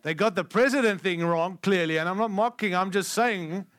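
A man preaching a conference sermon, emphatic and candid, shifting between loud declarations and hushed lines. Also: high voice, moderate pace, clean tone, dry recording, studio quality. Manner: candid and conversational.

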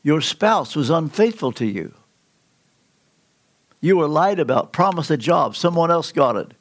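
Older man preaching, gravelly and lively. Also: fairly high pitch. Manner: earnest storytelling preacher, slow emphatic pauses. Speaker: pastor. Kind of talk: sermon. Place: church sanctuary.

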